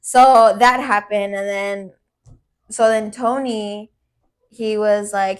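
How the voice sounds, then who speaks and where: A woman's voice: medium pitch, fairly even intonation, unhurried. A young woman co-hosting a podcast, telling a personal story in casual chat, candid and swearing, with lots of "like" fillers. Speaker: podcast co-host.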